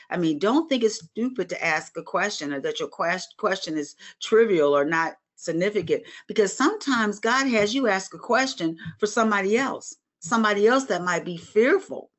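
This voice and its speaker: A woman in her sixties leads a Bible study in a somewhat low voice. She talks in an earnest, motherly way, as if chatting with the group. She addresses her listeners directly. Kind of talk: conversational Bible study teaching.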